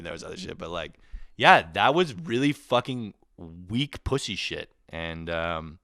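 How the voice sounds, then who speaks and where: A man's voice: fairly low pitch, a bit bright, dry recording, clean studio sound. A Canadian man in his twenties ranting profanely in a comedic monologue, swinging into bursts of mock voices. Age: 20s. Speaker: comedian podcast host.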